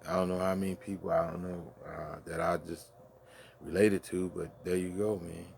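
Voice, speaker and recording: A man's voice: low voice, level tone, moderate pace, gravelly, a little mellow, slight background noise. A man in his fifties, grieving, rambling profanely through a late-night monologue with many restarts. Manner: profane, meandering, restarts often. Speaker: vlogger.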